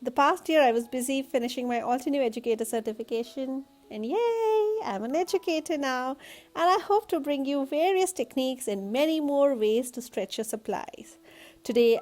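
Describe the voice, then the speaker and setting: Woman, husky and stuffed-up nasal, pitched a little high, friendly step-by-step craft tutorial host. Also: darkish tone. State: nasal from allergies. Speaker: card-making tutorial host.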